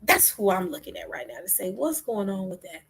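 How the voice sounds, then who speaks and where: A woman delivers fervent religious commentary in a husky, breathy voice. She preaches with rhetorical questions and veers between hushed whispers and loud outbursts. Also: mid-range voice, animated, brisk, low-quality recording. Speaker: online talk host.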